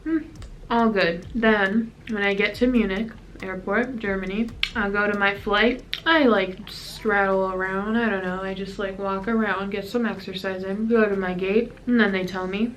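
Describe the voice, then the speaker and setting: A young woman telling a travel story to her phone camera from a hotel room, chatty and animated and a little sniffly from crying. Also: medium pitch, moderate pace, dull audio, slight background noise. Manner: chatty, animated, acts out quoted exchanges. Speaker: vlogger. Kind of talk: casual storytime vlog.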